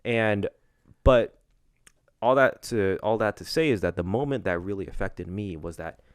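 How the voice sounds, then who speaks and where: A young man with a very low voice talks in a casual podcast chat. He tells his story earnestly, stopping and restarting often, and the mic is close and dry. There is no room sound around him. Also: smooth, no room sound. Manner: halting, emotional storytelling with many restarts. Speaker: podcast co-host.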